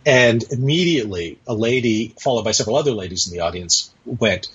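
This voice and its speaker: Husky man telling a rambling story. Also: lowish voice, animated, a little fast, fairly bright tone. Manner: chatty, rambling anecdote with hesitations. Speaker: podcast guest. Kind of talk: casual storytelling conversation. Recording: dull lo-fi audio.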